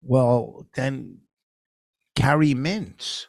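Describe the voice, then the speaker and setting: Brief: gravelly, lowish male co-host, blunt and deadpan, dry close-mic sound. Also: extremely slow, no room sound. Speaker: podcast co-host. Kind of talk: casual chat.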